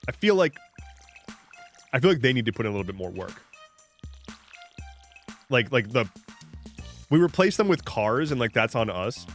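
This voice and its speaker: He speaks in a sing-song, medium-pitched voice at a normal speed, pausing often, with soft music in the background. The man is live-streaming a farming game and casually joking with viewers, hopping between tangents, frequently restarting, and letting the odd swear slip.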